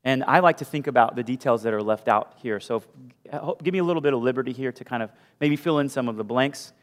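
Animated male pastor in an echoing hall. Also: mid-range voice, fast talker. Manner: animated storytelling, shifts between loud bursts and hushed asides. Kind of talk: sermon. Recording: long hall reverb.

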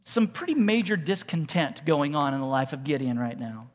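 Pastor preaching, animated, jokey asides, rhetorical questions, long church reverb. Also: mid-range voice, normal speed. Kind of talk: sermon.

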